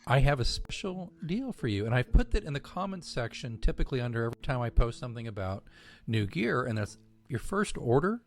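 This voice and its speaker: A man co-hosting a fan podcast chats casually and rambles upbeat about the show and its merchandise. His mid-range voice is very animated and a little fast.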